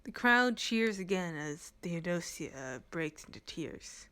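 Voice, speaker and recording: A woman's voice: fairly low pitch, animated, slow, few pauses, a bit bright, clear, resonant tone. A woman reading a story game aloud with giggly asides between the lines.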